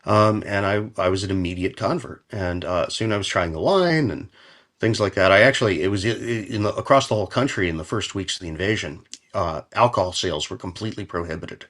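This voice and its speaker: An American man, a guest on an interview podcast, telling a story in a lively, casual way with many fillers, restarts and chuckles. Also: deep voice, fairly quick. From United States. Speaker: podcast guest, company founder.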